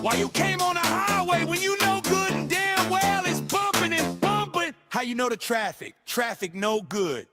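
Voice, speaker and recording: A man playing a loud, cursing taxi passenger who scolds her old driver in a drawling, sassy rant over music. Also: very high voice, expressive, normal speed, hardly any pauses. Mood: furious. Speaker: performer in a music video. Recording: loud music mixed under the voice.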